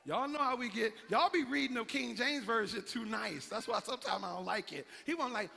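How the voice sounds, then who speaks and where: A male pastor preaches in a church, swinging his pitch widely as he acts out each part of the story. His voice is high and bright with a gravelly edge, and it rings out into a long hall reverb. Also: normal speed. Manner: animated storytelling, acting out characters. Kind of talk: sermon. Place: church sanctuary.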